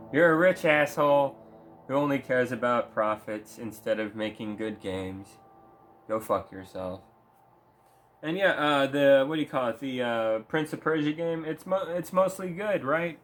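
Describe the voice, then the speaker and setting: A man's voice: medium pitch, fairly bright tone. A man ranting casually about video games, foul-mouthed and rambling, mocking what he talks about. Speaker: gaming vlogger. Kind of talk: profane casual rant.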